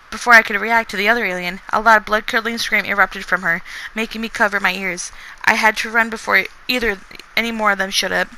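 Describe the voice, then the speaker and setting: A woman's voice: medium pitch, sharp tone, slight background noise, poor audio. A woman reading a chapter of her own book aloud, often stumbling and restarting words and stopping to comment on her writing. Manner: stumbling reading with frequent restarts and self-corrections. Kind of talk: casual read-aloud of a story chapter.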